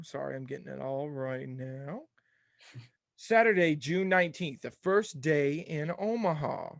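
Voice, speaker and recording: Young guy hosting a sports podcast, kinda high voice, dry close sound, jokey and all over the place. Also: a little slow, creaky, no room sound. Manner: rattles off scores, jokey and scattered. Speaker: podcast host. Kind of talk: casual sports podcast chat.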